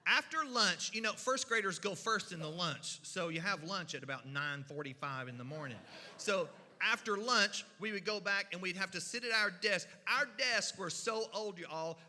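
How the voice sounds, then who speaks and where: A storyteller from the mountains, telling a funny story in a folksy, animated way, with sound effects and voices. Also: male voice, high-pitched. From Kentucky mountains. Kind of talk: humorous storytelling. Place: church hall. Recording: reverberant hall.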